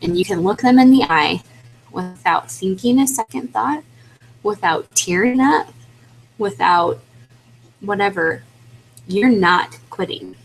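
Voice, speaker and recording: A woman's voice: medium pitch, lively intonation, slow pace, long pauses, faint music behind, poor audio. A woman leading a motivational webinar, talking earnestly and pleading with her team, casual with fillers. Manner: earnest, pleading, repetitive exhortation. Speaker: team leader for independent distributors.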